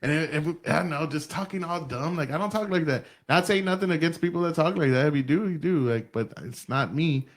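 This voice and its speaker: A man's voice: on the high side, fairly quick, hardly any pauses. A man from Texas hosting a podcast, talking bluntly and profanely in casual chat, laughing often. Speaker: podcast host.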